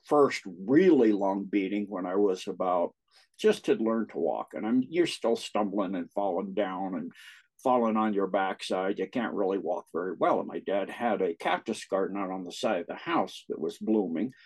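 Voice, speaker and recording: A man, an interview guest, telling personal stories in casual talk, with a husky voice and frequent laughs. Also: low voice, lively intonation, normal speed, darkish tone, poor audio. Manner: laughs often while recounting.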